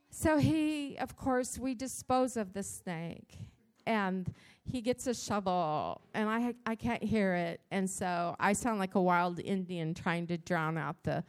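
Slow, animated woman telling a church story. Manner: animated, dramatic storytelling with sudden rises in pitch and volume. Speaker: church speaker. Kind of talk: storytelling devotional talk.

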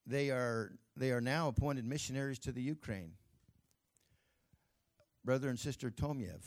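A man's voice: mid-range voice, moderate pace. A man pastor giving a sermon, telling a story with emphatic preaching.

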